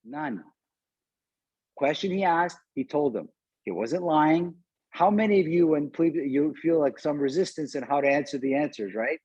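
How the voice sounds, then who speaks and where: Husky-voiced male martial arts instructor. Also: fairly high pitch, animated, normal speed, darkish tone, dry recording, lo-fi sound. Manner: conversational, checks in with questions. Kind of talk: live online class teaching. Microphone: video call.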